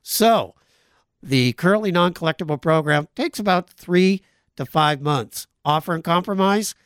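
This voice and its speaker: A man's voice: on the high side, unhurried, fairly bright tone, smooth, dry recording, clean studio sound. A man who is a tax professional, explaining in an earnest way with small restarts as a regular guest on a radio talk show.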